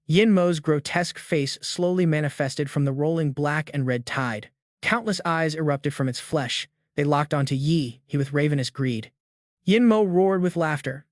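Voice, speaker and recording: A man's voice: on the high side, no room sound, clean studio sound. A man narrating a dramatic story recap in a scripted, storytelling manner.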